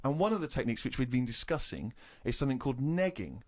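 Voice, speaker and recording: An English man in his thirties on a casual comedy podcast, telling an indignant anecdote with animated storytelling. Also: medium pitch, fast talker. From England.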